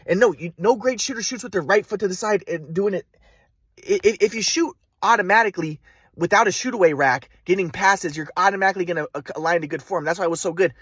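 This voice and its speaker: Brief: quick-talking man, animated pitch, rambling and aggrieved, dry close sound. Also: breathy edge, dry recording. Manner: fast, repetitive, aggrieved. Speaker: vlogger telling a personal story. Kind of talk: rambling monologue.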